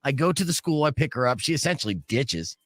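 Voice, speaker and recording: A middle-aged man from Arizona hosting a radio show, telling a long story in a casual, animated way and acting out what people said. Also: medium pitch, fast talker. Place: radio studio.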